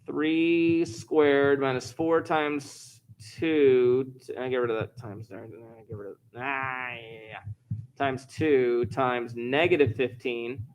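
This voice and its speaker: A middle-aged male math teacher recording a lesson, talking students through each step in a playful, animated way. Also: mid-range voice, slow pace, clean tone.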